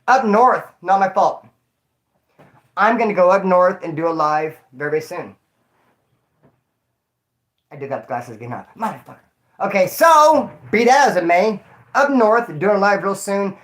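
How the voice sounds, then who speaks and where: A young man from Northern California telling a rambling, slangy, profane story on a casual livestream. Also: on the high side.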